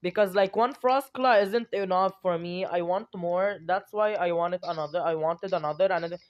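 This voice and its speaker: A young adult streamer giving excited gameplay commentary, giggling, squealing and talking dramatically to themselves. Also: mid-range voice, moderate pace, lo-fi sound.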